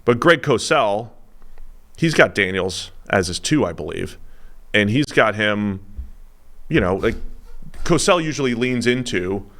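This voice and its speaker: A man's voice: fairly low pitch, lively intonation, a little slow, pauses often, fairly bright tone. A man co-hosting a football podcast, chatting loosely and jokingly, often trailing off mid-thought. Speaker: podcast co-host, football analyst. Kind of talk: casual podcast chat.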